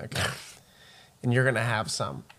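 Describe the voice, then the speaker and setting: A man's voice: medium pitch, lively intonation, normal speed, fairly bright tone. A man co-hosting a casual comedy podcast, joking, swearing and laughing often. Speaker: podcast co-host.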